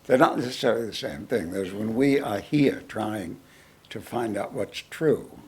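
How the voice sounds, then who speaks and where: A man, a guest lecturer, answering audience questions in a lecture hall in a deliberate, wry manner. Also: lowish voice, husky.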